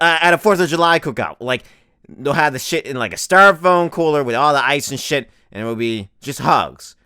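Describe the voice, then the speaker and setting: A man's voice: on the high side, bright, forceful tone, smooth, no room sound, clean studio sound. A young man in his twenties doing a crude, exasperated comedic rant as a vlogger.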